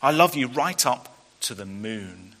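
A man's voice: mid-range voice, animated, a little slow, pushed and bright. Guy reading as a little bunny from a kids book, eager, bragging sweetly, echoey hall. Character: eager little male storybook hare. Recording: long hall reverb.

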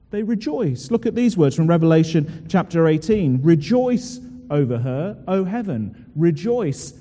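Preacher with a dark voice in a hall. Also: male voice, a little high. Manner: rhetorical questions, slow emphatic stresses. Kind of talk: sermon. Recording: long reverb of a large hall.

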